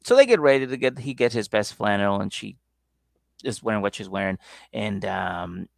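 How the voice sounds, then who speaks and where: A man co-hosting a comedy podcast, telling stories casually and jumping into high-pitched impressions. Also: expressive, normal speed, vocal fry, dry recording, clean studio sound. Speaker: podcast co-host.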